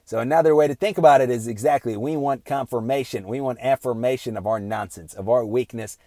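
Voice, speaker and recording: A man's voice: medium pitch, brisk, mellow, no echo, clean studio sound. A man giving an earnest, unscripted moral talk, piling up rhetorical questions, often checking in with "right?", and restarting his sentences with many fillers.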